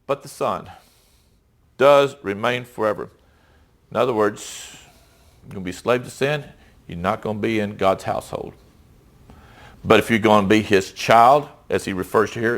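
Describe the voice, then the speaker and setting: A middle-aged man preaches a sermon, reading Bible verses in a conversational yet emphatic way and posing rhetorical questions to his listeners. His voice is medium in pitch, fairly bright, and touched with vocal fry.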